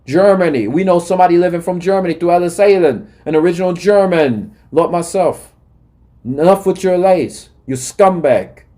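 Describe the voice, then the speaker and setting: Heated, lecturing man with a mellow voice. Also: high-pitched, animated, moderate pace. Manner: confrontational, lecturing, keeps asking "right?". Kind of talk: heated monologue rant.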